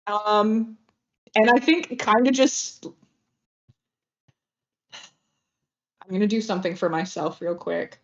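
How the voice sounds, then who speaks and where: A woman's voice: medium pitch, takes it slowly, long pauses. A woman playing a tabletop game, talking with many fillers and restarts. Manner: hesitant, full of fillers and restarts. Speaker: player. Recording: dull lo-fi audio.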